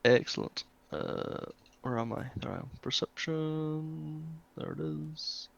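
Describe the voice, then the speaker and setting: A man with a gravelly, creaky voice chatting hesitantly at a game table. He asks halting questions and drops laughing asides. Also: fairly high pitch, dull audio, a little hiss or hum. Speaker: player.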